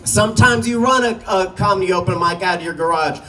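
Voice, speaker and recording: High-voiced male comic, distant mic. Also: a little fast, bright, forceful tone. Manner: loose storytelling, profane, laughing at own jokes. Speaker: stand-up comic. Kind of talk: stand-up comedy set. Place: small comedy venue.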